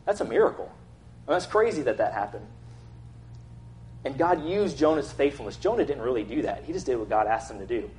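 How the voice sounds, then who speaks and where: A man's voice: mid-range voice, sing-song, fairly quick, a little mellow, a little hiss or hum. Casual young man preaching a sermon. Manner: casual, conversational preaching with acted-out quotes. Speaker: pastor.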